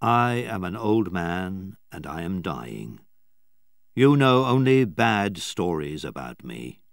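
A dying old captain speaks with slow, grave firmness, as a man reads him aloud. The voice sits low but rises and falls widely, without hurry, in a storybook telling. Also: no echo, studio quality, exaggerated voice. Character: old dying male submarine captain, proud.

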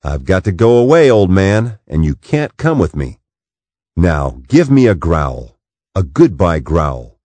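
A man reading aloud and voicing a kind grown man who speaks gently and slowly. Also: deep voice, big pitch swings, no room sound, heavily acted. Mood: tender. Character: kind, calm grown man talking to his dog.

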